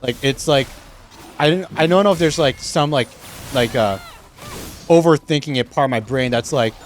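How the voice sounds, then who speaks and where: Medium-pitched and moderately paced, this male streamer's mic carries a slight hiss or hum. He rambles through his gameplay with frequent fillers and false starts, talks through mouthfuls at times, and is quick to laugh and get excited.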